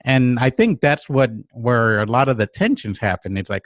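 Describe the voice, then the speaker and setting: A man hosting a podcast, thinking aloud in a relaxed, reflective way and acting out little inner quotes. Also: mid-range voice, moderate pace, hardly any pauses, no echo, muffled recording. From United States. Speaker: podcast host. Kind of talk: casual reflective chat.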